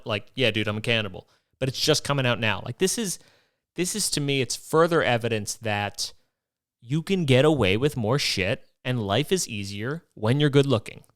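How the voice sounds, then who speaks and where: A man's voice: medium pitch, fairly bright tone, no echo, studio quality. A young man hosting a podcast, ranting comically with lots of swearing and rhetorical questions. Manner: profane, rambling, rhetorical questions. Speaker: podcast host. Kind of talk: comedic rant monologue.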